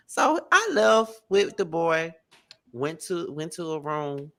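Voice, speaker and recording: A man's voice: fairly high pitch, takes it slowly, dry recording. A man hosting a podcast, telling a story in casual chat and acting out the quotes in voices. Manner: animated, acts out quotes in voices. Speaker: podcast host.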